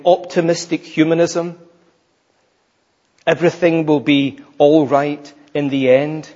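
In a large hall whose long reverb trails after him, a preacher gives an expository sermon, the audio dull and lo-fi. His somewhat high voice moves very slowly and emphatically, with phrases fading quiet as they close.

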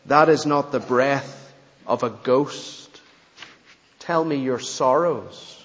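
A man voicing a large, deep-voiced lion who speaks slowly and gravely. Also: a bit bright, in a large hall, highs cut off. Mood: gentle. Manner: slow, solemn.

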